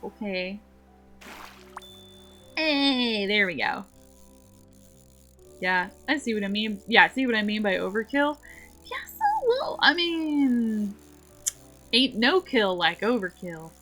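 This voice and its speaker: A woman chats as she plays through a game stream. She talks at an easy, unhurried pace and wanders from one topic to the next, rambling cheerfully. Light game music plays softly in the background. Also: mid-range voice, animated. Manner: playful, rambling, chatty. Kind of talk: casual gameplay chat.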